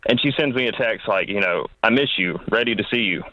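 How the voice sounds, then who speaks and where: A man's voice: lowish voice, a little fast, no echo. A man calling an advice show, polite and earnest, answering "yes, sir". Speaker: caller. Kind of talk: phone call to advice show. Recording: dull lo-fi phone line.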